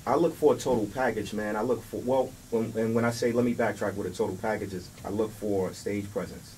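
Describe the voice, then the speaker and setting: A low-pitched man talks in a relaxed, easygoing way as an interview guest, often restarting his sentences. He sits a little back from the microphone, and faint background noise runs under his voice. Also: fairly quick, far from the mic, rough recording. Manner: laid-back, repeats words, street slang. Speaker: record label guest. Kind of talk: casual interview chat.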